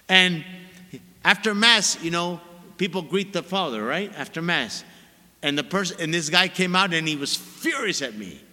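A Catholic priest in his sixties giving a sermon, an expressive storyteller who stresses his points by repeating them. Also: high-pitched. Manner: animated, expressive storyteller with laughs and emphatic repetition. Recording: long reverb of a large hall.

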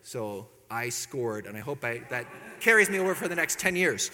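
A man's voice: mid-range voice, big pitch swings, normal speed, bright, forceful tone, long reverb tail. A man giving a talk and telling a self-mocking story about his marriage, laughing at his own jokes.

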